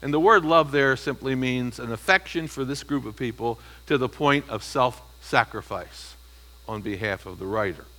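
Bright-voiced man preaching. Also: medium pitch, normal speed, rough recording. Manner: teaching, asks the congregation questions; emphatic, stresses single words. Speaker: pastor. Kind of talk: expository sermon.

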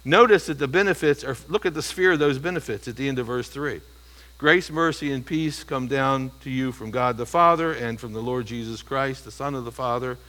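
A man's voice: medium pitch, a little fast, bright, forceful tone, rough recording. A man preaching a verse-by-verse sermon in a conversational way, often checking in with the congregation. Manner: conversational preaching, frequent "okay?" and "you see" checks. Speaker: pastor. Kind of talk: expository sermon.

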